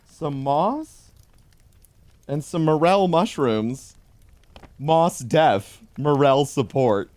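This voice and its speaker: Slow deadpan man reading puns. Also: a little high, no room sound. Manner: deadpan, dry pun delivery. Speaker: host. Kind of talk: comedic reading of a pun book.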